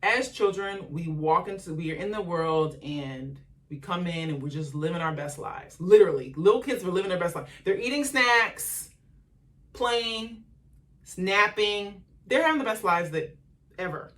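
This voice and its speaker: A woman's voice: lowish voice, moderate pace, far from the mic. A woman hosting a solo motivational podcast, speaking conversationally, asking the listener questions and acting out the voices of others. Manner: animated, acts out quoted voices of family and parents. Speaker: podcast host.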